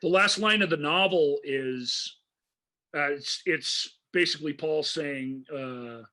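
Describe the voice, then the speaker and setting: A man's voice: fairly high pitch, takes it slowly. A man co-hosting a podcast, chatting casually about a film and acting out its lines with gusto. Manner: animated, acts out lines from the film. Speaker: podcast co-host. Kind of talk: casual movie discussion.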